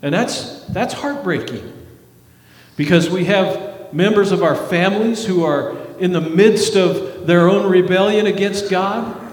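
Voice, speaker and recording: Man, pastor, sermon, slow and earnest, echoey church hall. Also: high voice. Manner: earnest preaching with rising emphasis and dramatic drops. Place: church sanctuary.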